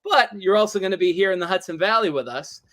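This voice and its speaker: A man's voice: high-pitched, expressive, fast talker, pushed and bright. A man hosting a casual interview over a video call, talking hesitantly with many fillers and restarts. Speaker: interview host.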